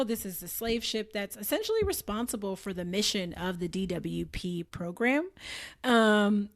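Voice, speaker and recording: An American woman co-hosts a book podcast, recapping the story in a casual chat and laughing often. Her voice is a little high and expressive, at a normal speed.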